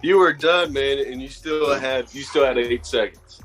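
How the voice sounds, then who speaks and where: A man's voice: medium pitch, moderate pace, soft background music. A man co-hosting a podcast, telling stories with plenty of swearing. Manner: profane, storytelling, animated. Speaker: podcast co-host. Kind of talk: casual podcast chat.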